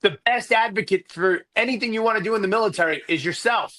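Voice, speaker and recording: Casting: man in his fifties, bright forceful tone, raised pitch, animated storyteller. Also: quick pace. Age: 50s. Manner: animated, self-deprecating, many restarts. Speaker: Army chaplain and priest guest. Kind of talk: conversational storytelling.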